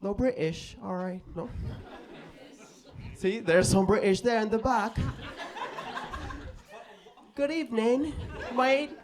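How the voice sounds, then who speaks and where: A man from Mexico performing a stand-up comedy set on stage, telling stories animatedly and acting out voices, with swings between loud and soft delivery. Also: high-pitched, unhurried. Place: comedy stage before a live audience. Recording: live club crowd audible. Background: audience laughter.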